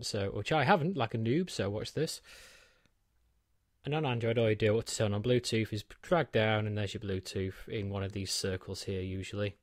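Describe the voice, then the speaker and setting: A man's voice: lowish voice, a little mellow, no room sound. A man giving a chatty, self-deprecating walkthrough of a gadget in his small home studio, with plenty of ums. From United Kingdom. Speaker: tech reviewer. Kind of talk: unboxing and set-up walkthrough.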